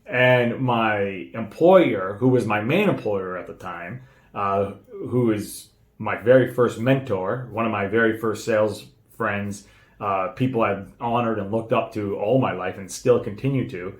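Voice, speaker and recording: Emphatic man in an echoey room. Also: on the low side. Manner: emphatic, swears freely, swings between hushed and excited. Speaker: sales trainer. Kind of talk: motivational storytelling to camera.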